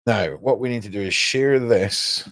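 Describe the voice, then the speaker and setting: A man's voice: fairly low pitch, measured pace, a bit bright, no echo, clean studio sound. A young man hosting a livestream, rambling casually and talking straight to his chat viewers. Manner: rambling, cryptic, chats to viewers. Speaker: livestream host.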